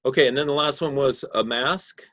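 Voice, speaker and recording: A man's voice: mid-range voice, fairly quick, a bit bright, dry recording, clean studio sound. A man teaching a class, patiently giving design critique and explaining his reasoning over a video call. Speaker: instructor.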